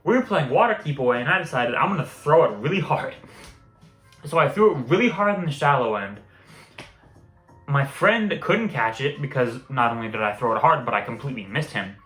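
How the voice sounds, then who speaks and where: A young male vlogger casually rambles through stories from his school days, swearing and laughing at his own tales. His medium-pitched voice is expressive, fairly quick and fairly bright. The room is echoey, with faint music in the background.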